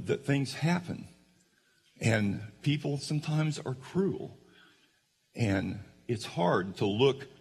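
A man's voice: lowish voice, breathy edge. A man giving a folksy storytelling sermon who speaks directly to the audience. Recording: long hall reverb.

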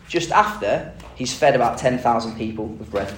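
A man preaches in a relaxed, conversational way, retelling the story and asking the congregation questions. His voice sits at an ordinary middle pitch. It carries the echo of a large room, picked up from a little way off the mic with a faint hum behind. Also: moderate pace. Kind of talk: sermon. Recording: echoey room, mic at a distance.

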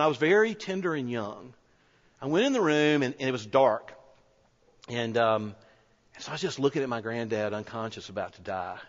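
Earnest pastor in an echoey hall. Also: male voice, medium pitch. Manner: earnest, conversational storytelling with restarts. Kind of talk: sermon told as a personal story. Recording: echoey hall, dull lo-fi sound.

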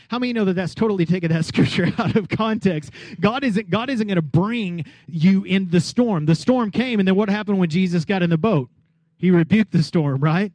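Pastor, man, high voice, lively sermon with acted-out scenes, dry close sound. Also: fairly quick, no room sound. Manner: lively, acts out Bible characters, asks the crowd questions.

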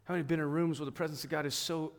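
A man preaching a sermon, swinging between emphatic, raised passages and quiet, hushed ones. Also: on the high side, fairly even intonation, racing. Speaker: pastor.

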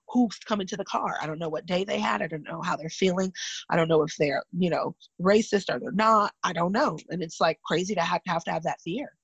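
A woman's voice: on the low side, breathy edge, no echo, muffled recording. A woman from California, in her thirties, telling personal stories candidly and animatedly in casual chat. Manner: candid, animated retelling with vivid asides.

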